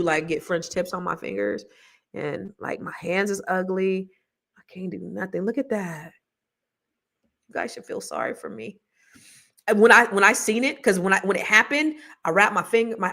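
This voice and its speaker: Woman podcast host, middle-aged, chatty and off-the-cuff, lower voice. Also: sharp tone. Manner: chatty, rambling, laughs a lot, slangy. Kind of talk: casual chat with viewers.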